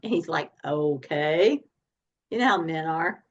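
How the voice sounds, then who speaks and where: Woman coach as podcast guest, animated storyteller; dull remote-call sound. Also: low-pitched, fairly quick, breathy edge. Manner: animated, laughs often while telling stories.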